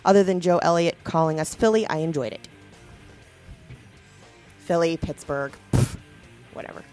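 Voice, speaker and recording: Low-voiced easygoing woman co-host. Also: moderate pace, darkish tone, faint music behind. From Philadelphia, USA. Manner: easygoing, laughs often, reads from notes. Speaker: podcast co-host. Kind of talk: casual chat, reading listener comments.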